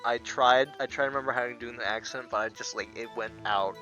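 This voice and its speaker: A man's voice: lowish voice, fairly even intonation, fast talker, hardly any pauses, bright, forceful tone, soft background music. A young man giving casual game playthrough commentary with crude, irritated asides. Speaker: gamer.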